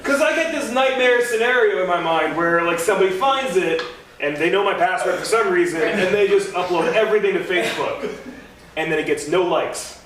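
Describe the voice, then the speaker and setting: Rambling young stand-up comedian in an echoey club. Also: male voice, high voice, animated. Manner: rambling, self-deprecating, halting with many fillers. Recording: echoey club recorded from far off with noise.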